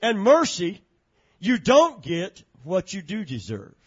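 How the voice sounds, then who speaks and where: A preacher giving a sermon, swinging from shouted, chanting climaxes down to low, quiet storytelling. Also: male voice, huge pitch swings, slow pace, slightly rough, dull audio. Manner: rising to shouted, chanting peaks, then dropping low and soft.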